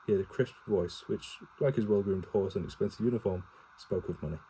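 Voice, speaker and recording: A man's voice: fairly low pitch, fairly quick, warm tone, slight background noise, poor audio. A man reading a war novel aloud for his partner in a casual home read-aloud, stumbling and correcting himself, with swearing asides and no character voices.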